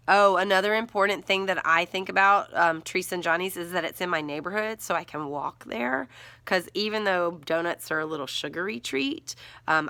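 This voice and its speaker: A woman teacher modeling writing for young children, thinking aloud slowly and sounding words out as she writes. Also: medium pitch, bright, forceful tone, no room sound. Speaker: first grade teacher.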